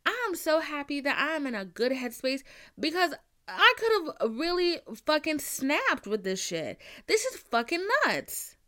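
A young woman with a slightly high voice hosts a podcast and tells her story as a casual, heated rant. She swears freely and acts out what others said to her, switching into their lines as she goes. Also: measured pace. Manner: blunt, profane, animated retelling with mimicked quotes. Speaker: podcast host.

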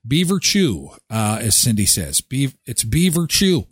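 A man's voice: mid-range voice, measured pace, husky, no echo, clean studio sound. A middle-aged man from Canada hosting a live show, chatting casually and joking sarcastically as he reads viewer comments. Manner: animated, joking, sarcastic asides.

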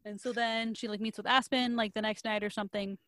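A woman's voice: mid-range voice, fairly even intonation, fairly quick, a bit bright, no echo. A young woman chatting casually as she retells a story. She rambles along with many fillers, and her voice is recorded close and dry, with no room sound. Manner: rambling, many likes and ums, quotes characters in lilting voices. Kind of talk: casual chat retelling a novel's plot.

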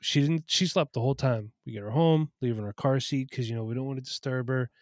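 Pennsylvania dad cohost telling stories, wry and dry, close mic no room. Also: male voice, mid-range voice, fast, a little mellow, dry recording. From eastern Pennsylvania. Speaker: podcast co-host. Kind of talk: casual storytelling chat.

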